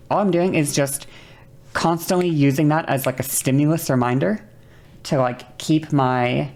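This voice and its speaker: A woman's voice: sits low, a little mellow. A woman streamer chatting casually about voice technique, rambling with many restarts and apologies. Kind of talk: casual livestream chat explaining voice technique.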